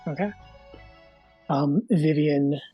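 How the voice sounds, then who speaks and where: A man narrating his character's actions in a tabletop game, relaxed and joking. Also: a little high, takes it slowly, slightly rough, faint music behind. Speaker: player.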